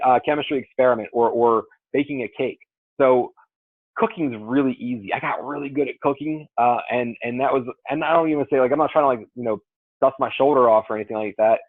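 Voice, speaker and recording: A male fitness coach talks through calorie math in a loose, rambling way, sounding things out as he goes. His voice comes over a thin, phone-like line. The sound is dry, with no room echo. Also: medium pitch. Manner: rambling, conversational, works through numbers aloud. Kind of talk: casual coaching explanation. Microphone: call audio.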